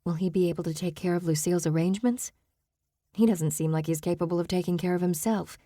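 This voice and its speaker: A cautious woman antique dealer, as a woman narrator voices her in an audiobook, quietly concerned. Her voice is low and mellow. The recording is dry. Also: fairly even intonation, fast, no room sound, natural voice. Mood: worried.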